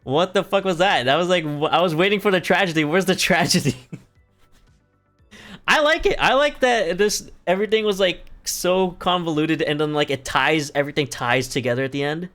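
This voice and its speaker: Dude streaming a sloppy play recap, swears a ton, laughs a lot, kinda high voice, faint music behind. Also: male voice, fairly quick, few pauses, a bit bright. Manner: rambling, profane, laughs often. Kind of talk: casual live-stream plot recap.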